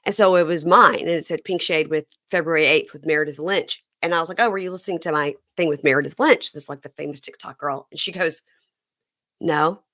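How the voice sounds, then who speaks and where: Podcast host, woman, low fry-edged voice, lively storyteller, dry close mic. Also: brisk, dry recording. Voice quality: vocal fry. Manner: animated storytelling, acts out quotes. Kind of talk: casual podcast chat.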